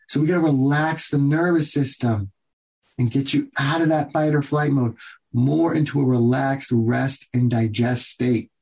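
Guy doctor hosting a health talk show, kinda husky voice, earnest, keeps repeating himself. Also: mid-range voice, a little mellow. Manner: earnest, repetitive coaching tone with quick bursts. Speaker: radio show host and doctor.

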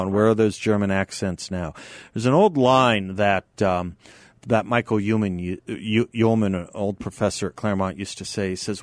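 Male radio host, lowish dry voice, emphatic, repeats himself for effect. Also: dry recording. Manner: emphatic, repeats key phrases. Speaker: radio talk show host. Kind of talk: talk radio conversation. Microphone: studio microphone.

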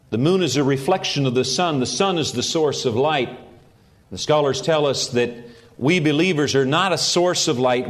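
Earnest man preaching a sermon. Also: mid-range voice. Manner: earnest preaching with rising emphasis on key phrases. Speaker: pastor.

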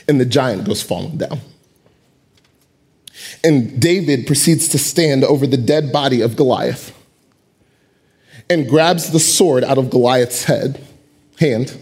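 A man preaching a sermon, telling a story with lively acted-out voices. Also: medium pitch, slightly rough. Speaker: pastor.

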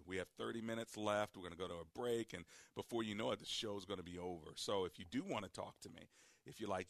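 A man's voice: lowish voice, fairly bright tone, no echo, clean studio sound. A man hosting a call-in radio show, a preacher who talks to listeners directly and repeats key points.

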